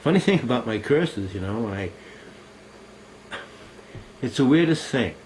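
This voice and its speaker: A man's voice: mid-range voice, animated, measured pace, a little mellow, a little hiss or hum, rough recording. An older man, a military veteran, delivering a bitter, accusing monologue to a camera at home, cursing and swearing.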